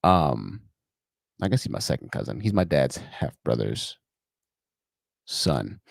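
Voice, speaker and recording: A man hosting a livestream call-in show, telling stories in a chatty, animated way and laughing at his own jokes. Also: very deep voice, slow pace, creaky, no room sound, studio quality. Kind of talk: livestream commentary and storytelling.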